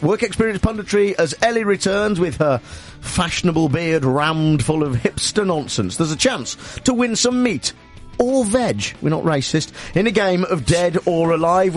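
A man hosting an afternoon talk radio show, rambling through sardonic banter. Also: a little high. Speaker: radio host. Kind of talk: comic radio show opening.

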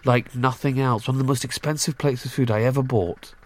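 A man's voice: medium pitch, steady tone, a little fast. A man with a Glaswegian accent hosting a radio show, chatting and teasing his co-hosts in a studio. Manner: joking, teasing, playful. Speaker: radio host. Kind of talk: casual studio chat.

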